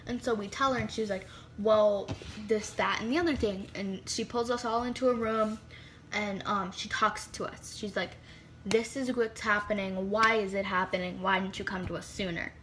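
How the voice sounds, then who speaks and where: A woman's voice: mid-range voice, steady tone, moderate pace, fairly bright tone, a little hiss or hum. Chatty young woman vlogging. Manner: chatty, heavy use of "like", dramatic asides and whispered comments. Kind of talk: casual storytime vlog. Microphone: phone.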